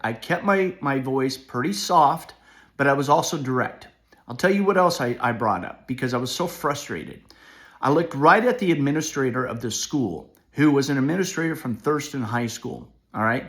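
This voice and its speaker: A man's voice: mid-range voice, animated, moderate pace, a bit bright. A middle-aged man at home giving a frustrated commentary as a parent, emphatic and often repeating "all right?".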